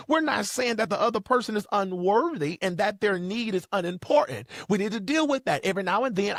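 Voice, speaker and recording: Emphatic man preaching with a fairly high voice. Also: no echo, clean studio sound. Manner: emphatic, repetitive preacher cadence. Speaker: podcast host. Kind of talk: motivational preaching talk.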